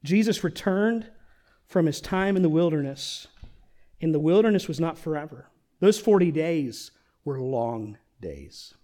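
A pastor preaching a sermon, swinging between loud peaks and near-whispers and putting questions to the congregation. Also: male voice, a little high, expressive, unhurried.

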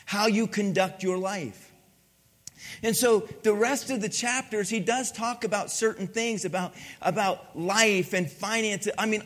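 A middle-aged man preaching a sermon as pastor, telling stories with lively acted-out dialogue. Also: high-pitched. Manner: animated storytelling, acts out dialogue.

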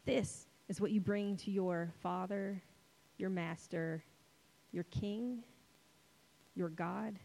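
A woman's voice: medium pitch, steady tone, creaky, dark tone, rough recording. Playful woman preaching a sermon. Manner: conversational and playful, dramatic pauses on key words.

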